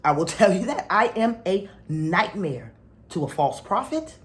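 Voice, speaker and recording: A woman's voice: fairly low pitch, big pitch swings, measured pace. A middle-aged woman telling a personal story to her spiritual followers, dropping to a near whisper at heavy moments. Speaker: spiritual teacher.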